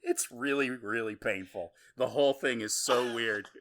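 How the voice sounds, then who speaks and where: At a moderate pace, a man with a medium-pitched, fairly bright voice co-hosts a podcast. The chat is casual, and he rambles and laughs a lot.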